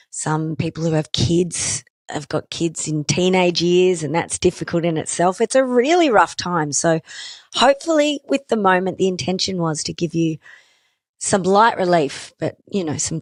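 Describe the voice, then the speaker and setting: A woman's voice: sits low, darkish tone, no room sound, studio quality. A middle-aged Australian woman hosting a podcast, talking alone in a chatty, self-deprecating way with joking asides. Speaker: podcast host. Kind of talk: solo podcast chat.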